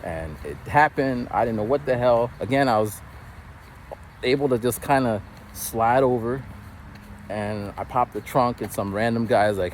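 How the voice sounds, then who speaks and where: A man's voice: medium pitch, moderate pace. A man telling a casual story as a vlogger, rambling with many restarts and repeated words, recorded on a phone outdoors near traffic.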